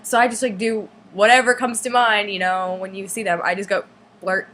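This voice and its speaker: A teenage girl telling a long story in a casual vlog, excited and rambling, with many fillers. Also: a little high, a little fast. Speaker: vlogger.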